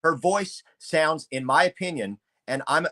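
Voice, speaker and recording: A middle-aged man co-hosting a casual true-crime podcast, talking in a measured, opinionated way. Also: fairly high pitch, bright, forceful tone. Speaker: podcast co-host.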